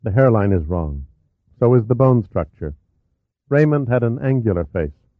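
A cool, composed widow, as a male storyteller puts her on speaks in a flat and clipped way. Her voice sits low. It is dry and tinny, with a narrow band. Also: normal speed, no echo. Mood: controlled. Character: wealthy widow, cool and controlled.

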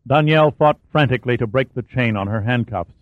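A man's voice: medium pitch, a little fast, no echo. Man narrating a thriller, tinny phone-like line. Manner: steady, dramatic storytelling. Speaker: audiobook narrator. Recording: dry, tinny phone-like sound.

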